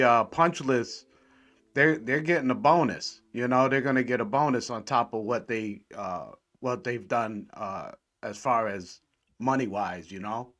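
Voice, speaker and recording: A man speaking as a guest on a casual livestream, halting and full of fillers. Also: medium pitch, a bit bright. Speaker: guest from a service company.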